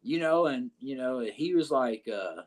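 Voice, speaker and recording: A man's voice: mid-range voice, expressive, measured pace. A man, a wrestler guest, telling a story in casual, profane speech with lots of fillers, over a video call.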